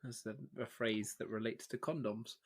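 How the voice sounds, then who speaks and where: A man's voice: on the low side, fairly even intonation, moderate pace. A young man, co-hosting a podcast in casual chat, rambling, laughing often and swearing freely. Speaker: podcast co-host.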